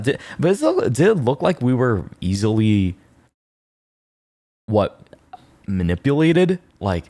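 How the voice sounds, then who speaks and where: Rambling male streamer, low voice. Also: a little mellow, no room sound. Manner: rambling, lots of "like" and "right?". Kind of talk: casual stream storytelling.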